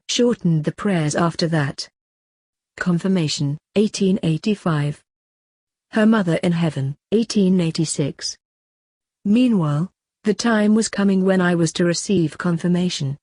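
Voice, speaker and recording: A woman narrating a saint's autobiography as an audiobook, in a calm, earnest and measured reading. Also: fairly low pitch, no echo, clean studio sound.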